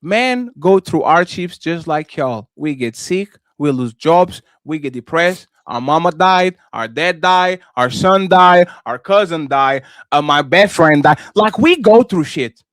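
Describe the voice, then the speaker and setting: A man with a fairly high voice hosts a heated panel debate on a dry, close mic. He talks with a lot of energy, repeats himself and presses the same questions hard. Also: measured pace, few pauses, dry recording. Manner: animated, repetitive, pressing questions. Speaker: host.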